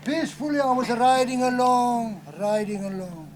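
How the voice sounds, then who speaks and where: A man's voice: very high voice, moderate pace. A man playing a boastful farmer, telling a yarn in mock Spanish-flavored broken English and tagging lines with "eh?" at a live reunion skit. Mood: storytelling. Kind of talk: comic storytelling skit. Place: live reunion stage before audience. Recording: noisy live hall recording.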